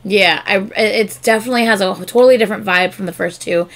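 A woman hosting a reaction video, chatting casually and gushing excitedly with lots of fillers. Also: medium pitch, fast.

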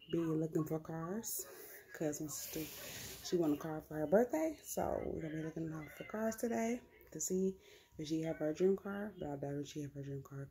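Young woman, casual vlog chatter, slightly low voice, animated storytelling. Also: creaky. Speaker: vlogger.

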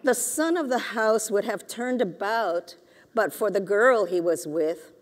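A woman's voice: medium pitch, unhurried. An author giving a lecture and reading from her novel, a woman who speaks hesitantly with many fillers. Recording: reverberant lecture hall.

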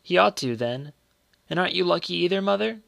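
A man voicing a young boy who asks earnest questions in a high, eager voice. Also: animated, a little fast, creaky, fairly bright tone, no echo, heavily acted. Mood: curious.

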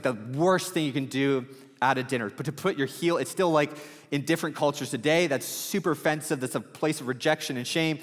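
Casual preaching man in a hall. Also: mid-range voice. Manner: conversational, storytelling with quick asides. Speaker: pastor. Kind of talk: sermon.

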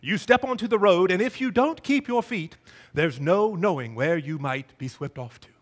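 A man voicing an old male hobbit who gives wise advice, using a weak imitation of a British accent and speaking slowly. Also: high voice, expressive. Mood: wistful.

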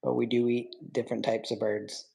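A woman's voice: rumbling low, little pitch movement, brisk, creaky, warm tone. A woman hosting a casual livestream, chatting with viewers and cooing baby talk to her pet bird.

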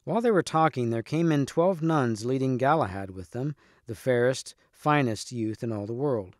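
A man reads a storybook chapter aloud in a steady, clear voice at an ordinary pitch. The recording is dry and close, with no room sound. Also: normal speed, no echo. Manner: steady, clear narration with occasional restarts. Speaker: reader.

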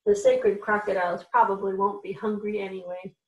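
A woman reading aloud and voicing a kind young boy who speaks earnestly and gently. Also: medium pitch, steady tone, a little fast, far from the mic, dull audio, lightly acted. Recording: echoey room, voice off-mic.

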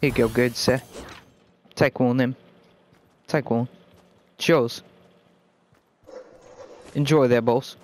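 A man's voice: medium pitch, steady tone, takes it slowly, long pauses, a little mellow. A man chatting brashly with random teammates while gaming, swearing constantly and putting on an exaggerated British accent. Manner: exaggerated put-on British accent, calling people mate and wanker. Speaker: gamer playing with random teammates. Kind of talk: profane gaming banter over voice chat.

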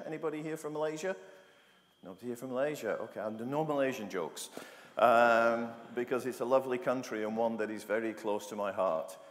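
A middle-aged man from England giving a talk to an audience, wry and jokey, often asking the room questions. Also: mid-range voice. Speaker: conference speaker. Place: university lecture hall. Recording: long reverb of a large hall.

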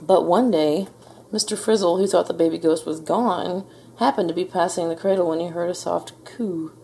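Gravelly low woman reading a storybook. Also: a little hiss or hum. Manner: gentle, measured storytelling. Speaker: storybook reader. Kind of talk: children's read-aloud narration.

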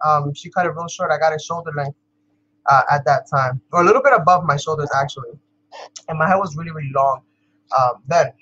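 A woman's voice: on the low side, a bit bright, muffled recording. Chatty New woman crafting vlogger. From New York. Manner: chatty, laughs often, talks to viewers as "you guys". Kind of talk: casual chat while crafting.

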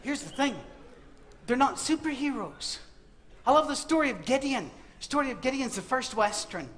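A man's voice: very high-pitched, animated, normal speed, fairly bright tone, slight background noise. A man giving a humorous sermon, telling a Bible story as comic stories and acting out the voices. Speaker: preacher. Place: university auditorium.

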